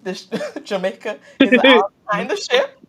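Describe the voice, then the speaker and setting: A woman in her twenties, co-hosting and telling a travel story in casual, animated talk, laughing often. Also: a little high, moderate pace, noisy background. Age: 20s. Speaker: co-host. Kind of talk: casual storytelling while watching clips.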